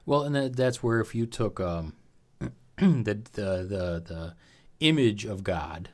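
A man from Scranton co-hosting a casual podcast, talking in halting, easygoing bursts with repeated words. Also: lowish voice, animated, darkish tone. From Scranton, Pennsylvania. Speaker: podcast co-host. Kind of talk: casual chat.

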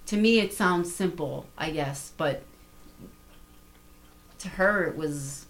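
A middle-aged woman telling a personal story in casual conversation, animated and acting out the dialogue. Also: deep voice, takes it slowly. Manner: animated, repeats words, quotes people in dialogue. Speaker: guest artist.

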